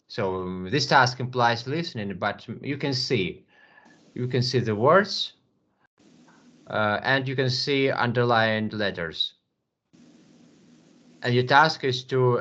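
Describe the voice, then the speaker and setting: A man teaching English one to one, patient, repeating words slowly with many fillers. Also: mid-range voice, a bit bright, dull audio. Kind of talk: online English lesson.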